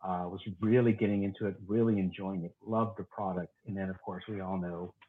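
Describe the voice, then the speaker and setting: A man's voice: low-pitched, steady tone, brisk, slight background noise. A man, a podcast guest, talking eagerly about football with restarts. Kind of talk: casual chat. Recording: tinny phone-like call line.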